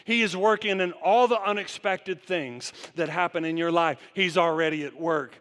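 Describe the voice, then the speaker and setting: In a church sanctuary full of long reverb, a pastor delivers a sermon in a high, slightly bright male voice at a moderate pace, his intonation fairly even. He strings together lengthy series of rhetorical questions aimed at the congregation.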